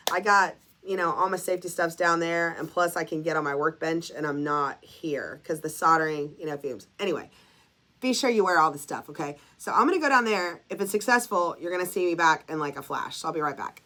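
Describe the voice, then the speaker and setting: A woman's voice: lowish voice, sharp tone. Chatty woman crafting and thinking aloud. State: sniffling. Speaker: craft vlogger. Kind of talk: casual DIY commentary.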